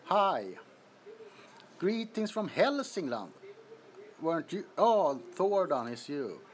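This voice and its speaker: A man's voice: a little high, sing-song, measured pace, darkish tone. A man chatting casually on a livestream from an apartment, greeting viewers and laughing often, recorded on a phone. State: sweaty from heat. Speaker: livestream host. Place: apartment bedroom.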